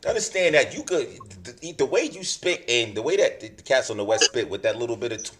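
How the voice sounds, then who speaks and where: Rambling New man, lively pitch. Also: brisk. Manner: rambling, full of restarts and fillers. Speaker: podcast host. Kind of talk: casual chat. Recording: noisy background hiss.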